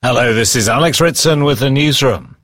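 A man hosting a news program, introducing stories and reports in a clear, formal way. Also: medium pitch, brisk, a bit bright, no echo, studio quality. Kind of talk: scripted news presenting. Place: studio.

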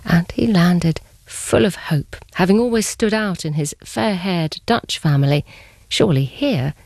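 A woman presenting a radio programme, reading a scripted narration with clear storytelling delivery. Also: lowish voice, a little slow, darkish tone, dry recording.

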